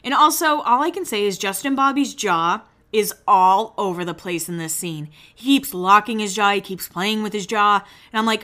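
Recapping a reality show on her podcast, a woman chats gossipily and casually, imitating quoted lines in shifting voices and letting slip the odd swear. Her mid-range voice is expressive, pushed and bright, at normal speed with few pauses.

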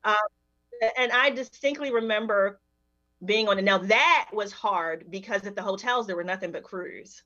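A woman's voice: mid-range voice, normal speed, pushed and bright, dry recording, dull audio. A woman guest on a podcast, candidly telling a personal recovery story and often laughing as she talks.

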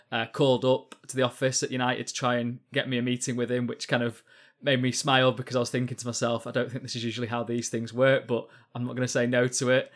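A male journalist talks casually on a podcast, speaking at a middle pitch. He keeps hedging and stumbling, filling his story with ums and sort-ofs. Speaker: journalist guest.

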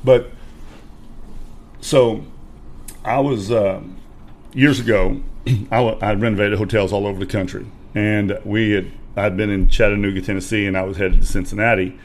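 A man's voice: on the low side, normal speed, slight background noise. A man, a podcast guest, telling a personal story in casual chat and acting out quotes with energy. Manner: animated storyteller who acts out quotes loudly.

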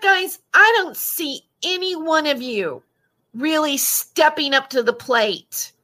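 A woman's voice: high voice, pushed and bright. A young woman on an audio-only livestream, upset and close to tears, rambling and repeating herself as she rants at her chat and greets viewers. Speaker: YouTube livestreamer. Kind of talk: emotional livestream rant to chat. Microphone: audio-only stream, no face shown.

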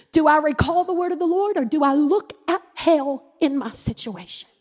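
A woman pastor delivers a sermon in a strikingly high voice. She mixes light personal storytelling with fervent stretches that climb into shouted declarations. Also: lively intonation, measured pace.

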